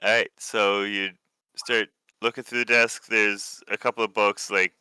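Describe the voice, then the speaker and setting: A man narrating a tabletop game as game master, describing rooms with relaxed, hesitant phrasing and many fillers. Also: lowish voice, a little slow, clean tone, no echo.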